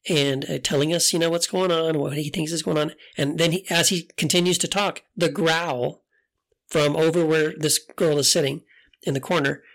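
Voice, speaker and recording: A man's voice: fairly high pitch, steady tone, normal speed, vocal fry, fairly bright tone. A middle-aged man hosting a podcast, talking in a casual reflective monologue, hesitant with many restarts, telling stories candidly. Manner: candid storyteller. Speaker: podcast host.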